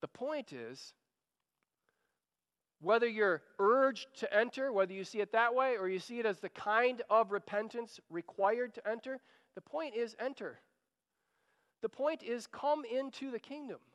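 A man's voice: extremely high pitch, unhurried, a bit bright, big-room sound. A man preaching a sermon, earnest and urging, often repeating a phrase as he pleads. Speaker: pastor.

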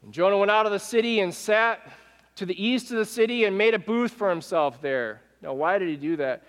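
A male pastor with a high voice preaches a lively sermon, acting out quoted speech and calling questions out to the people in front of him. His voice carries a long reverb, as in a large church hall. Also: fairly quick. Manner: animated, acts out quoted speech and asks the congregation questions. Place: church sanctuary.

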